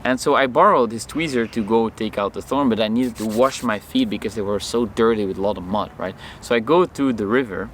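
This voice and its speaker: Animated man telling a story outdoors. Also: fairly low pitch, a little fast, hardly any pauses, slight background noise. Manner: animated, acts out his own and others' lines in the story. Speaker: vlogger. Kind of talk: casual storytelling to camera.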